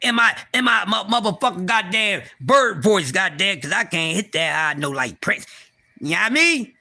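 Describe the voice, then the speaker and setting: Excitable high-voiced man hosting a livestream. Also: normal speed, gravelly. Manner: excitable, profane, talks to chat; repeats and restarts often. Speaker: livestream host. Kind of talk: casual livestream chat.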